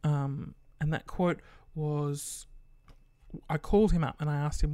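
A man's voice: a little high, steady tone, normal speed, a little mellow, dry recording. An Australian man rambling through a casual story, swearing now and then and full of fillers.

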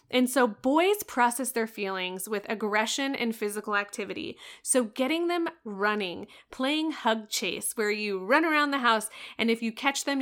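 With a fairly high and slightly bright voice, a thirty-something woman gives advice on her parenting podcast. She talks straight to her listeners alone, in an earnest, coaching manner.

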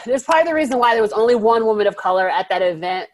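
A woman co-hosting a podcast in casual chat, animated, laughing often and leaning on fillers. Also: on the high side, fast talker. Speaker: podcast co-host.

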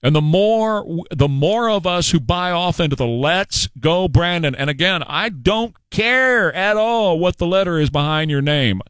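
Talk radio host, male, combative and mocking, a lively up-and-down delivery in a dry booth. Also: sits high, moderate pace, few pauses, smooth, dry recording. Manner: combative and sarcastic, mocking voices of others. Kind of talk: opinionated talk radio commentary.

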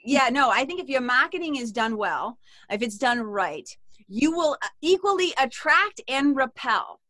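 A woman with a Boston accent talks as a podcast guest in a loose, animated way, laughing and swearing freely. Her voice is bright and a little high. The recording is dry and close. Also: moderate pace, no echo. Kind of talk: casual interview chat.

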